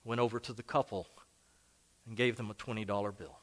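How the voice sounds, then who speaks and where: This older pastor speaks briskly, with a lowish voice and a steady tone. His sermon is a storytelling one, told in a conversational, anecdotal manner through personal stories.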